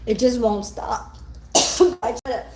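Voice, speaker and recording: Middle-aged woman, livestream host, slow and chatty, fillers throughout, phone mic. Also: on the high side, fairly even intonation, background noise. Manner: chatty, reads out viewer comments, many fillers. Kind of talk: casual live chat while eating lunch.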